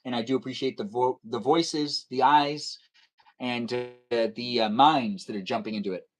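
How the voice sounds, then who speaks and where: A male live streamer rambles through casual chatter while he plays a video game. He talks fast, reads chat aloud and spells out his username in a half-sung jingle. His pitch sits in the middle for a man. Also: steady tone, rough recording.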